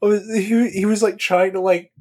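Husky guy with a high voice, rambles and gets worked up on a podcast. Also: moderate pace. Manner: excitable, rambling, swears. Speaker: podcast guest. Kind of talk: casual chat.

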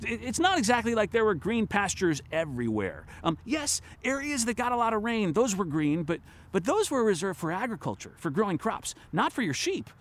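Lively animated male pastor preaching. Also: high voice, brisk, few pauses. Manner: animated, repeats words when starting sentences, engages congregation. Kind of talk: sermon. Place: church service, recorded for online broadcast.

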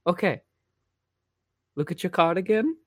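A man voicing a showy magician who does card tricks, speaking as a smooth, playful showman. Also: sits high, expressive, a little slow, no echo, clean studio sound, pitched above the performer's own voice.

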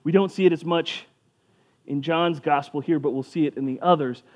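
A man's voice: fairly high pitch, normal speed. A man giving a casual sermon as a pastor, conversational and jokey, briefly acting out voices of people in the story.

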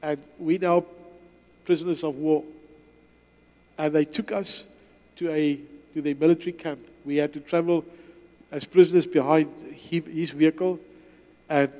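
A man, telling a personal story to an audience in earnest, halting short phrases. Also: a little high, a little mellow. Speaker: guest speaker. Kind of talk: personal testimony talk. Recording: long reverb in a hall.

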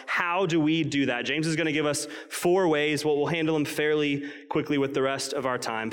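A man's voice: fairly high pitch, fairly bright tone. Man preaching in an echoing hall. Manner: earnest preaching, slowing to stress key points, acting out quoted voices. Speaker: pastor. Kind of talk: sermon. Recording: long reverb of a large hall.

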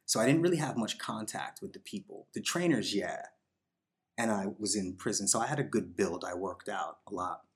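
A man who is a podcast guest, telling a personal story in a reflective, unhurried way, with fillers and voiced quotes. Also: lowish voice, animated.

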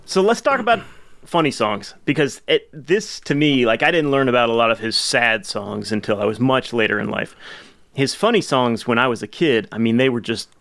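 Man, podcast host, casual music chat, mid-pitched voice, eager and rambling. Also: expressive, moderate pace, fairly bright tone, dry recording. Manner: enthusiastic, rambling with restarts.

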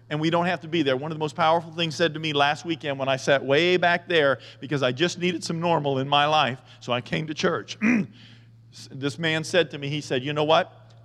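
A man's voice: fairly high pitch, a bit bright, long reverb tail. A man speaking as pastor to his church, earnest and grateful in a plain-spoken way. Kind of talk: heartfelt church address. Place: church sanctuary.

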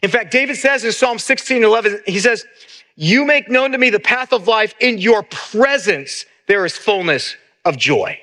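Middle-aged male pastor with a high voice, preaching in a chatty, storytelling style. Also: normal speed. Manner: conversational, animated storytelling with many restarts. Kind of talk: sermon.

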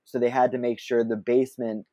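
A man with a mellow, warm voice tells a personal story as a guest, chatty and self-deprecating. He laughs often and keeps breaking off into asides and fillers. The sound is dry and close. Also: medium pitch, flat delivery, brisk, dry recording. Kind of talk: casual anecdotal storytelling.

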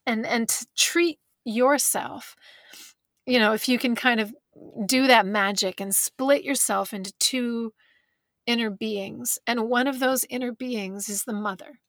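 A woman's voice: a little high, a little slow, a bit bright, dry recording. A woman talking candidly and thoughtfully in a conversation, restarting words as she thinks, close to tears. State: teary. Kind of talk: reflective conversation.

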